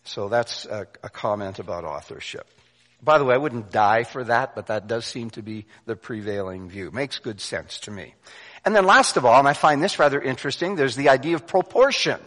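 A male preacher giving a sermon, animated and acting out voices, then dropping to hushed emphasis. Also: mid-range voice, moderate pace. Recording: long hall reverb.

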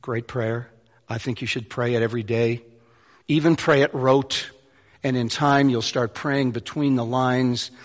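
A man's voice: medium pitch, fairly even intonation, normal speed. Man preaching in a reverberant hall. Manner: conversational preaching, rising to emphatic peaks. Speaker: pastor. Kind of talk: sermon. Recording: long reverb of a large hall.

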